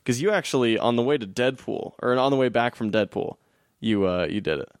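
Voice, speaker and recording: A man's voice: mid-range voice, brisk, smooth, no room sound, studio quality. A young man hosting a podcast in casual chat, easygoing and encouraging, teasing his co-host with a laugh in his voice.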